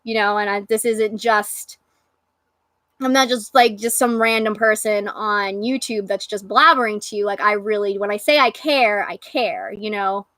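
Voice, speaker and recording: Young new york woman chatting on a livestream, bright voice, dry close sound, gets emotional. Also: medium pitch, normal speed, no room sound. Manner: earnest, emotional, reads out chat comments. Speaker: live stream host. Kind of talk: casual live stream chat.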